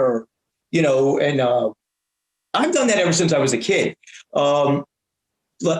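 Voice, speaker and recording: Fifties guy w kinda high voice, stop-start blunt talk, echoey room. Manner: halting, many restarts, blunt and profane. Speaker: interview guest, prank-call comedian. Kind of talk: casual interview chat. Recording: roomy echo.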